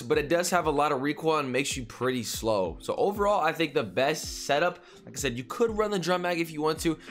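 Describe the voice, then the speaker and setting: A man's voice: medium pitch, a bit bright. Slangy young gaming streamer man. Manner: slangy, hyped, talks straight to chat. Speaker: gaming streamer and video host. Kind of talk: casual gameplay commentary.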